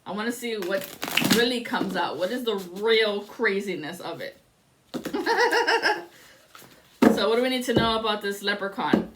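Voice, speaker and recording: A woman doing a casual tarot reading, telling a story in a rambling, excitable way and swearing often. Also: mid-range voice, brisk, heavy background noise. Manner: rambling and profane. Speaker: tarot reader.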